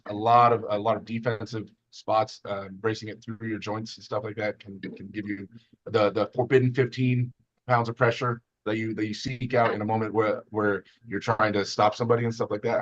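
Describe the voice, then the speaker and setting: Fast-talking man in dull lo-fi sound. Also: lowish voice. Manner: rambling, animated, sarcastic jokes. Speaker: host, armwrestling team member. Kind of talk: casual chat.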